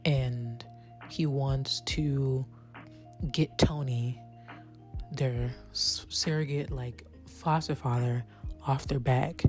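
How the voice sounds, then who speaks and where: A woman's voice: very deep voice, fairly even intonation, slow pace. A woman chatting casually as she recaps a TV series, peppering her talk with "right?" and the odd swear word, over faint background music. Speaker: show reviewer.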